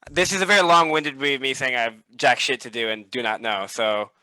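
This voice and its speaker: Casting: male player, bright crisp voice, rambling self-mocking banter. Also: mid-range voice, lively intonation, fairly quick, low-quality recording. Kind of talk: casual game chat.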